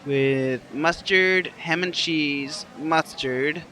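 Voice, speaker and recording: A man's voice: sits high, fairly quick, sharp tone, slight background noise, voice pushed up. A man acting out his own younger self as a timid, stammering young man ordering a sandwich. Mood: meek. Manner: hesitant, stammering.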